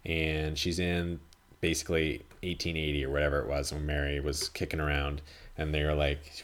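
A man with a very deep voice and flat delivery hosts a podcast at a normal speed, reviewing a film. He chats casually and rambles, swears freely, and acts out dialogue.

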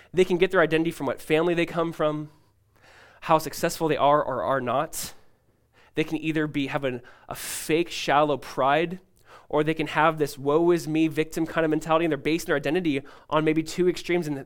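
A man preaching with a fairly high voice and a loose, chatty delivery full of casual asides. He swings into sudden excited bursts when he acts out quoted people. On his earnest points he sinks low and soft. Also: smooth. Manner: animated and conversational, with many "like" asides and quick restarts. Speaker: pastor. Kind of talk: sermon.

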